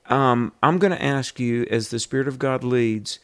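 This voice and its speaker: A man's voice: mid-range voice, normal speed, clear, resonant tone, dry recording. A male radio host making an earnest fundraising appeal and telling stories to rally listeners.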